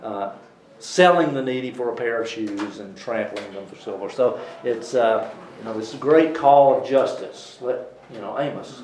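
A man with a Southern US accent giving an informal Bible lesson, chatty, with many fillers and some throat clearing. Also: medium pitch, normal speed, darkish tone, roomy sound, slight background noise, rough recording. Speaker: Bible teacher.

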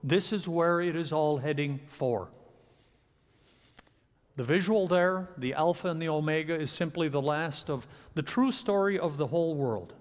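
A man's voice: fairly high pitch, normal speed. Man preaching in a reverberant church. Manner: prays then preaches with rising emphasis. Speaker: pastor. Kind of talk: sermon. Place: church sanctuary.

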